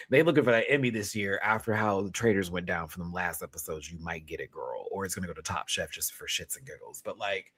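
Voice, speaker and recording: A young man hosting a live review chat, sassy and animated, laughing and then dropping to quiet asides. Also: low voice, brisk, husky. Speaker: host reviewing a reality show live.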